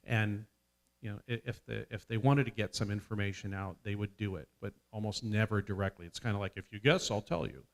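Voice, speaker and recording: A man speaking on a conference panel, measured and hesitant, with frequent fillers. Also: on the low side, steady tone.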